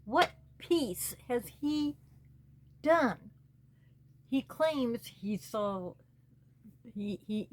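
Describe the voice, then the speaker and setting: A woman speaks to her small channel in a slow, deliberate way, leaving long pauses between her phrases. Her manner is earnest and pleading, with a voice sitting at an ordinary middle pitch. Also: a little mellow. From United States. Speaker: channel host. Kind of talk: personal spoken commentary.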